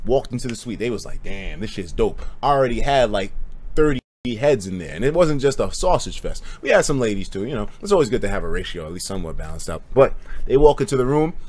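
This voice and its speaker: A man livestreaming and casually telling stories, profane and animated, often breaking into laughter. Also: lowish voice, fast.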